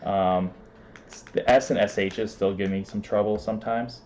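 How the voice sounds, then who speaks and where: A man's voice: on the low side, moderate pace, slight background noise. A man who is a guest on a live stream, chatting casually with lots of "like". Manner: fillers like "like", relaxed with light laughs. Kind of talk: casual chat. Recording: dull lo-fi stream audio.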